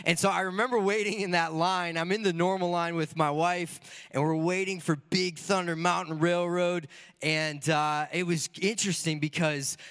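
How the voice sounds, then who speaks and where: A man's voice: high voice, steady tone, moderate pace, a bit bright, clean tone. A man preaching a sermon in a casual, joking way, often asking rhetorical questions. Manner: casual, conversational.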